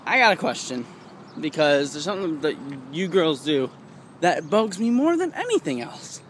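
A young man vlogging outdoors in a casual, rambling rant, animated and prone to high mocking squeals. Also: normal speed. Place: outdoors, walking in town. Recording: outdoor street noise behind.

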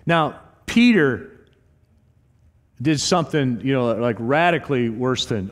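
A man's voice: mid-range voice, measured pace. A middle-aged man preaching a sermon as a pastor, telling stories with acted-out quotes. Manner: animated storytelling with acted quotes. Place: church sanctuary. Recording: long church hall reverb.

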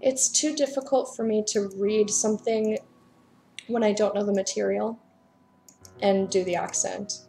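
A woman's voice: mid-range voice, fairly even intonation, unhurried, vocal fry, mellow, faint music behind. A woman casually commenting on a story game while she plays, chatty and self-deprecating, and reading its dialogue aloud. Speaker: let's play gamer.

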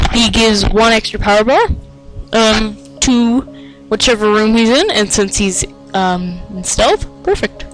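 Slow-talking male gamer, excitable and self-mocking, faint game music behind. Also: high-pitched, low-quality recording. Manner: excitable, self-mocking, sing-song taunts. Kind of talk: let's play commentary.

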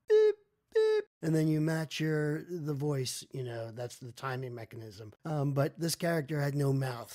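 Middle-aged man spinning a lively anecdote. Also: a little high. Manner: animated, acts out quotes and sound effects. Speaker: voice director reading his own blog. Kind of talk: storytelling audio blog.

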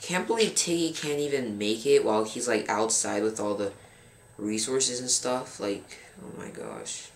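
A young man in his teens giving casual gameplay commentary as a gaming channel host, rambling, filling pauses with um and grumbling at his game. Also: medium pitch, big pitch swings, creaky. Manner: frustrated, rambling, fills pauses with um. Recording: roomy with faint background noise.

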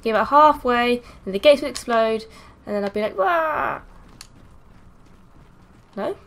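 A woman's voice: fairly high pitch, brisk, a bit bright. A woman giving casual, sarcastic gameplay commentary as she plays, swearing freely. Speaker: gaming video host.

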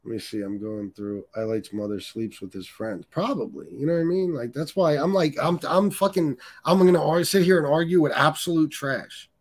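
Reading chat aloud on his live stream, a middle-aged host launches into a crude, heated, profanity-laced rant full of trash talk. His husky voice is fairly high with lively intonation, moving a little fast with hardly any pauses.

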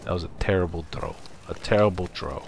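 A man's voice: low-pitched, fairly even intonation, fairly quick, vocal fry, noisy background. A man giving live commentary on his own gameplay as he streams, cracking wise and repeating catchphrases. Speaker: game streamer.

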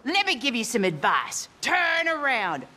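A woman's voice: high-pitched, wildly swooping pitch, measured pace, pushed and bright, full character voice. An actress voicing a mean, foul-mouthed old rural grandmother who hurls insults and threats, with a harsh, scolding voice. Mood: scornful. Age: older. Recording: game audio with music behind.

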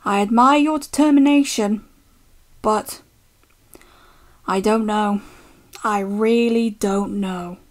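A woman's voice: medium pitch, takes it slowly, long pauses, lightly acted. A woman voicing a pompous, stern older railway boss who speaks in a formal, indignant way.

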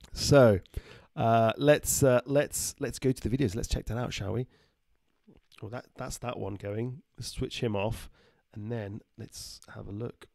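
The clean, dry studio recording features a middle-aged man's mid-range, somewhat mellow voice. He's a doctor hosting a laid-back livestream, where he chats, laughs often, reads comments from viewers and puts on joke accents.

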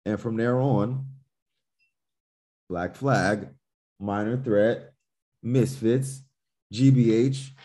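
Laid-back man with a low, dark voice. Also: very slow, pauses often. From Newark, New Jersey. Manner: laid-back, swears a lot, acts out his past reactions. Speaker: podcast guest, musician. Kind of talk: casual storytelling chat.

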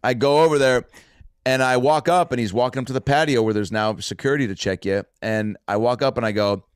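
Animated, lively male comedian storyteller. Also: mid-range voice, a little fast, clear, resonant tone, no room sound, clean studio sound. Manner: animated, swearing, acts out quotes. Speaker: comedian guest. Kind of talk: casual storytelling on a podcast.

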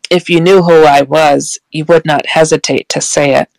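A calm, friendly Jesus, quoted by a woman speaks plainly and gently in a gravelly voice. The sound is dry and close. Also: sits low, normal speed, dry recording, rough recording.

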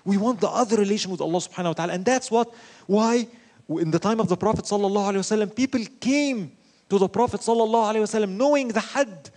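High and fast, a man's voice carries an Islamic lecture built on lively storytelling. As a religious teacher, he leans on rhetorical questions and sprinkles Arabic phrases throughout.

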